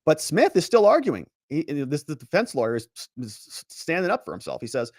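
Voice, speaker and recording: A man's voice: fairly high pitch, sing-song, fairly quick, few pauses, no echo, studio quality. A man hosting legal commentary, who retells a court hearing dramatically and acts out the lines of the judge and the lawyers.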